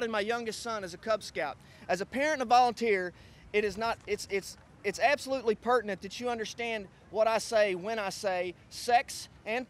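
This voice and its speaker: High-voiced middle-aged man from Texas, hurried. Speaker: scout crew advisor. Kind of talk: press conference speech.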